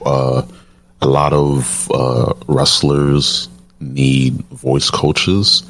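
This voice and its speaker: A man hosting a podcast in casual chat, talking in a halting way with many restarts, and saying himself that he can sound baritone. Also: little pitch movement, a bit bright. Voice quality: deep, says he sometimes sounds baritone. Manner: halting, restarts often, says cadence is key. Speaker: podcast host.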